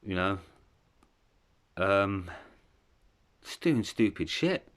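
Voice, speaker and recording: Deep-voiced, rambling man. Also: very animated, drawn-out words, fairly bright tone. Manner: candid, rambling, heavy swearing. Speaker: vlogger telling his life story. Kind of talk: casual storytelling.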